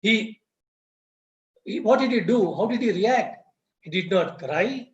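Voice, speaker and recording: A man lectures through a string of parables, repeating key phrases to drive them home. His voice sits fairly high for a man. The audio is roomy and muffled, as a webinar recording often is. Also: lively intonation, takes it slowly. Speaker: guest speaker at a lodge webinar. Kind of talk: storytelling lecture. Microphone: video call.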